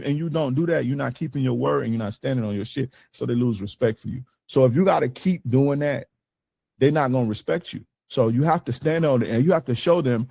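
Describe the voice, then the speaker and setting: A man's voice: medium pitch, fairly quick, vocal fry, mellow, dry recording. Blunt cussing dating coach guy, aave, dry close sound. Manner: blunt, profane, emphatic. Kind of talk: casual coaching talk to a group.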